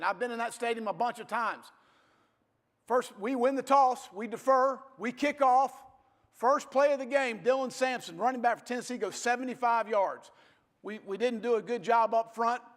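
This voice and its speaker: A man's voice: very high voice, fairly bright tone. A man, a football coach giving a blunt, folksy motivational speech to an audience. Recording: reverberant hall.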